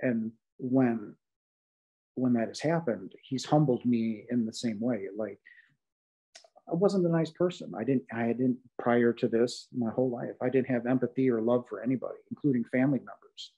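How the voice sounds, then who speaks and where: A man's voice: mid-range voice, normal speed, gravelly, warm tone, breathy edge, muffled recording. A man sharing his near-death experience as a podcast guest, speaking with heartfelt emphasis and many fillers and restarts. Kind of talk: earnest testimony in a podcast interview.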